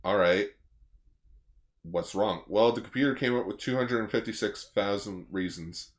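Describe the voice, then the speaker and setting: A laid-back young man chatting on a podcast, his voice sitting a bit low. He makes dry jokes as he recaps an episode in an easygoing way. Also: normal speed. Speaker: podcast co-host. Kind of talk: casual chat recapping an episode.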